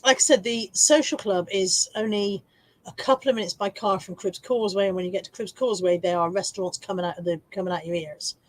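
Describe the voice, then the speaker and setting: A woman's voice: steady tone, fast, no echo, low-quality recording. A woman hosting a casual live stream from home, reading viewer comments aloud and laughing easily. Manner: high baby-talk voice to her dog.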